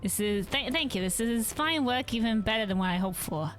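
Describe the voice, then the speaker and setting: A woman voicing a gruff client with a New York accent and a brusque, clipped delivery. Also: fairly high pitch, expressive, a little fast, faint music behind, natural voice. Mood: approving.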